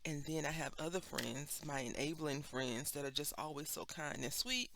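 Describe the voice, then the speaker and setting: A woman's voice: deep voice, normal speed, creaky, a little hiss or hum. A woman with a Texan accent chatting casually and rambling through a craft video, sometimes dropping into a whisper. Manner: chatty, rambling, animated asides. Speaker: craft vlogger. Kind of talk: casual chat while stamping.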